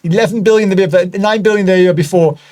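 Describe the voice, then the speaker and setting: Guy in his 40s riffing on stocks, sarcastic jokes, slightly high voice. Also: fast, mellow. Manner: sardonic, joking asides. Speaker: host. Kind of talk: casual commentary on stocks.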